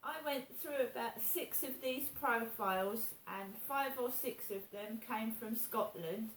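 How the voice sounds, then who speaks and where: Speaking at a measured pace on a distant mic, this woman's voice sits on the high side. Her vlog is a casual, rambling rant full of grievance, with the same complaints coming back again and again. Echo and faint hiss fill the recording.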